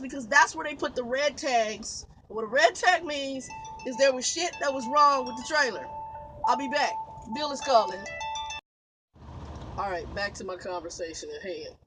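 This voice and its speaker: A woman's voice: sits high, fairly bright tone, low-quality recording. A woman truck driver, telling a long story vlog-style, exasperated, swearing and laughing as she vents. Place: inside a truck.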